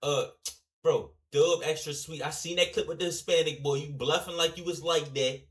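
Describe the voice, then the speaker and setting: A man reacting to a clip in a loose, rambling commentary voice that sits somewhat high. He talks in slang, drifts into tangents and keeps turning to speak to his viewers directly. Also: brisk. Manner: animated, rambling, slangy, repeatedly addresses viewers. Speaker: reaction video host.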